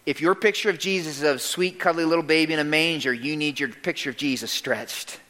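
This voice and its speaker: A man preaching a sermon to a congregation, reading scripture aloud, calling on listeners to respond and shouting out exclamations. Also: on the high side, brisk, big-room sound. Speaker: pastor.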